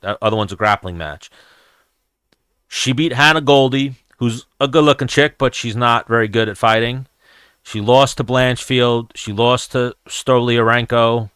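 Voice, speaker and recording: Bright, crisp-voiced man telling stories. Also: mid-range voice, no echo, clean studio sound. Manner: profane, animated storyteller acting out quotes. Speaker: podcast host. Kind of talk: casual storytelling chat.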